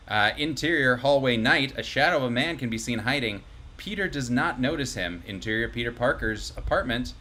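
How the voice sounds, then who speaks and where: Guy reading stage directions live, bright voice, mid pitch, chuckling asides to the cast. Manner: breezy, chuckles and asides to players. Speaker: host and stage-direction reader.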